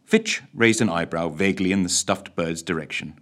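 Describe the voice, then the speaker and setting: A man, narrating a bedtime story in an expressive, theatrical way. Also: deep voice, normal speed.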